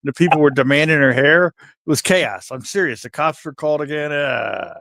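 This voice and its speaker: Animated storytelling man, dry sound. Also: normal speed, vocal fry, no echo. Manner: animated anecdote teller, jumps to high voices for quotes. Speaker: podcast co-host, former wrestler. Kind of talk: casual storytelling chat.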